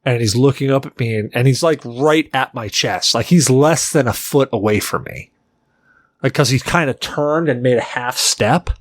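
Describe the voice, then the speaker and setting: A man with a mid-range voice co-hosts a podcast, speaking at a moderate pace with no room sound. In casual chat he tells a rambling, animated anecdote, filling his sentences with "like."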